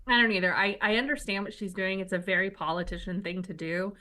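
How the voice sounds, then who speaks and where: Brief: female political talk co-host, mid-pitched, opinionated and wry, builds her argument step by step. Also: fairly even intonation, fast, bright, forceful tone. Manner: opinionated, sardonic, argues point by point. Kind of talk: political talk show chat.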